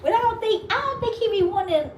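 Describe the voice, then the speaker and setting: A woman with a Chicago accent co-hosting a live chat, telling stories in an animated way with many restarts. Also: very high voice, quick pace. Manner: animated storytelling, frequent laughs and restarts. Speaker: live show co-host. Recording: echoey room with steady background noise.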